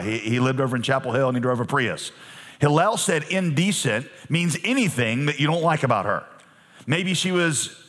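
A middle-aged man preaching a sermon as pastor, animated and humorous, acting out voices from the text. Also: mid-range voice.

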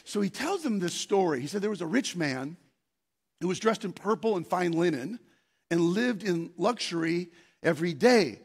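A male pastor of Norwegian, Scandinavian heritage delivers a sermon built around a personal story, his high voice raspy and gravelly at a moderate pace. He rambles through self-deprecating tales with many restarts and bursts into loud, excited shouting as he acts out scenes.

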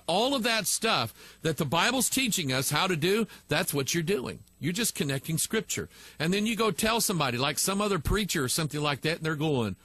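A man's voice: fairly high pitch, animated, a little fast, hardly any pauses, a bit bright. A male pastor teaching online, reading viewer messages aloud and answering them bluntly and with emphasis.

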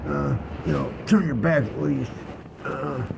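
Older man in his 60s, gravelly, swears a lot and grumbles to himself, street vlog with heavy traffic noise. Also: on the high side, unhurried, highs cut off. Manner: profane, grumbling, talks to himself. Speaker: vlogger. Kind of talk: walking vlog, muttered running commentary. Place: outdoors on busy city streets.

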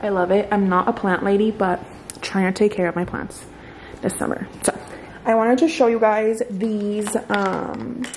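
A woman's voice: medium pitch, steady tone, a little slow, a little mellow, slight background noise. A woman vlogging at home on a handheld camera, slightly out of breath, chatting in a rambling way with lots of fillers. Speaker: vlogger, mom of two. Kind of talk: casual vlog chat.

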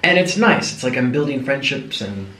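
Chatty young man, lively pitch, roomy. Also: moderate pace, recorded from a distance, a little hiss or hum. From United States. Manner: rambling, chatty, animated. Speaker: vlogger. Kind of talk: casual mukbang chat.

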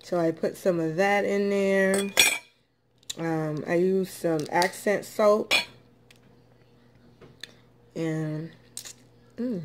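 A woman talks through her meal in a slow, unhurried drawl, her voice sitting a little low. She rambles in a friendly, chatty way with plenty of ums. Cutlery and dishes clink softly behind her. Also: steady tone, noisy background. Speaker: food vlogger. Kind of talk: casual mukbang eating chat.

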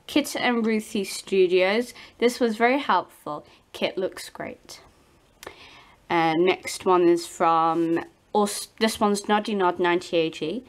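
A British woman hosting a doll channel reads her viewers' messages aloud. She trips over unfamiliar names and apologises a lot. Her delivery is unsure and halting. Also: mid-range voice. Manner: hesitant, apologetic, stumbles on names. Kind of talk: reading fan messages aloud.

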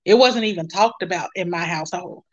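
A woman telling her life story in a casual, animated way, acting out remembered voices. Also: lowish voice, brisk, highs cut off.

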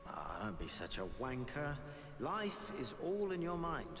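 A pompous put-on British accent. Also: male voice, mid-range voice, huge pitch swings, a bit bright, slight background noise. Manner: pompous, slow and grand. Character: pompous fake-British man, lofty.

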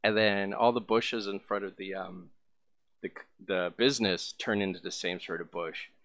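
A man's voice: sits low, fairly even intonation, normal speed, a bit bright. A man casually telling a long, rambling story as a vlogger, full of fillers.

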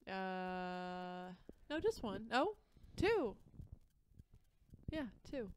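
A woman's voice: mid-range voice, very animated, drawn-out words, slight background noise. A woman chatting casually on a livestream, giving short drawled replies.

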